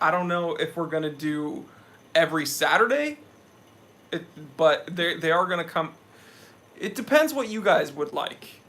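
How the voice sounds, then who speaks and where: A young New England man hosts a live stream, his fairly high voice bright and forceful. He chats loosely, reading viewer comments aloud and answering them in casual conversation.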